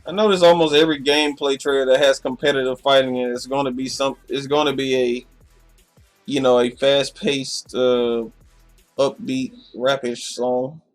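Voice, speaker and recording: A man's voice: mid-range voice, level tone, moderate pace, faint music behind. A man streaming a live reaction, sleepy and chatty, restarting his sentences often. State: sleepy, yawning. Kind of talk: casual live reaction commentary.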